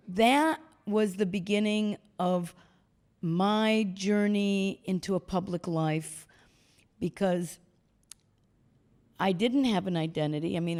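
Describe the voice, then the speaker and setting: Older woman telling lively stories. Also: lowish voice. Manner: animated storyteller acting out quoted voices. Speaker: guest speaker. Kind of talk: storytelling talk. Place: stage talk before an audience.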